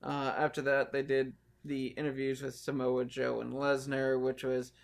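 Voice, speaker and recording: A man's voice: mid-range voice, monotone, moderate pace, vocal fry. A man co-hosting a podcast in laid-back casual chat, now and then doing mocking impressions. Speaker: podcast co-host.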